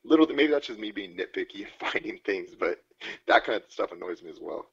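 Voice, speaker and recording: A man's voice: fairly low pitch, lively intonation, brisk, vocal fry, slightly rough, muffled recording. A man co-hosting a podcast in rambling, profane casual chat, laughing often. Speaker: podcast co-host.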